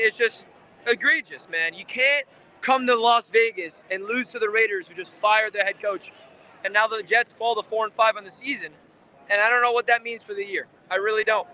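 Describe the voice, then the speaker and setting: A man's voice: high voice, pushed and bright, a little hiss or hum. A man hosting a fan channel, giving an angry, frustrated live post-game rant outside a stadium, swearing often.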